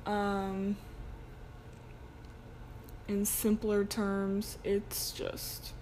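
Give me a young college woman chatting on her podcast, slow and rambling with lots of ums. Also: mid-range voice, completely flat delivery, darkish tone, slight background noise. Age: young adult. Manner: chatty and rambling, with many ums and self-corrections. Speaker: podcast host. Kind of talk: casual solo podcast chat.

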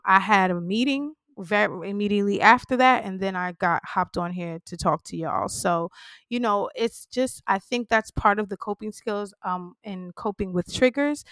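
A woman's voice: medium pitch, sharp tone, no echo. A woman hosting a podcast, talking candidly and emotionally to her listeners, shaken and close to tears. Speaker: podcast host. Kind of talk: personal podcast talk.

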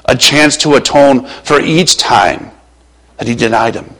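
A male pastor preaching a sermon with passion, moving between loud urging and hushed, quiet passages, his voice a little strained. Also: mid-range voice, unhurried, rough recording.

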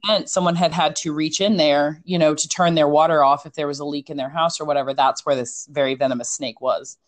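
A woman telling a story in a casual chat, animated and chatty, with many fillers. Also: deep voice, a little fast.

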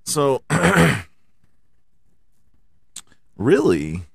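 Speaking very slowly in a creaky, husky mid-range voice whose pitch swoops wildly, this male podcast host delivers a profane, heated rant about his football team. He keeps throwing out rhetorical questions, and there's no room sound.

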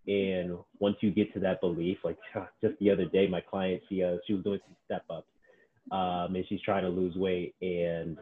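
This personal trainer talks at a normal speed in a low-pitched voice during a relaxed podcast conversation. He brings his clients' words to life by acting them out, though the sound comes through tinny, as if over a phone.

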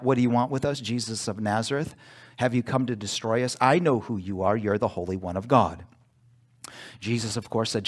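A male pastor preaching a sermon in church, emphatic, pausing for call-and-response asides. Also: medium pitch.

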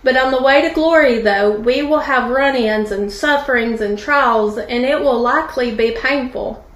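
A woman's voice: high-pitched, normal speed, fairly bright tone, reverberant. A woman guest speaker telling a sermon story, with preaching asides that call out to listeners. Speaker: guest speaker, pastor's wife. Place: studio.

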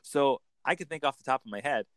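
A man, a coach explaining in an enthusiastic conversational interview with quick acted examples. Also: mid-range voice, clean tone, no room sound. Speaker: accent coach.

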